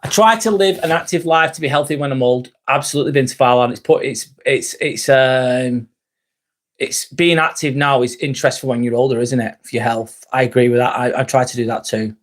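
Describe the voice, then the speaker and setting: A man's voice: mid-range voice, a little fast. A young man, chatting bluntly on a live stream, reading and answering viewer comments and swearing freely. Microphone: phone.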